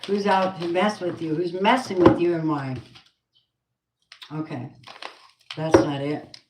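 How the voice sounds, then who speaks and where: A woman with a deep voice gives a spoken tarot reading mixed with prayers, speaking a little slowly with fairly even intonation. She's blunt and earthy, muttering asides to herself, in a roomy space with very heavy noise.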